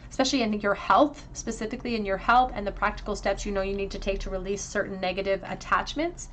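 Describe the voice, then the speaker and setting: A woman's voice: medium pitch, level tone, fast, few pauses, a little hiss or hum. A woman giving a pick-a-card tarot reading, speaking straight to the viewer in an earnest, emotional way and talking with braces. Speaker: tarot reader.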